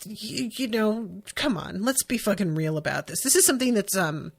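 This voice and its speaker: A woman's voice: mid-range voice, lively intonation, normal speed, husky. A woman hosting a podcast, talking casually about a book and reading passages aloud with chatty asides. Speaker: podcast host.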